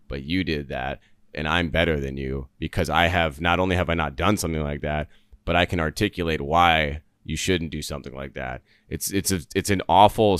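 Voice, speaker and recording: Deep-voiced man, earnest rambling commentary. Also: a bit bright, clear, resonant tone, no echo, studio quality. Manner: earnest, rambling, many fillers and restarts. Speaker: podcast host. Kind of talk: solo commentary.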